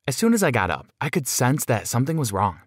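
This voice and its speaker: A man narrating a first-person story in an expressive, dramatic way. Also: mid-range voice, quick pace, slightly rough, no room sound, clean studio sound.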